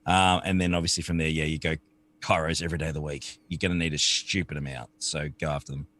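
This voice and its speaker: A man's voice: rumbling low, little pitch movement, fast talker, fairly bright tone. A man co-hosting a casual live stream, talking in a laid-back way and teasing the others. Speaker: co-host.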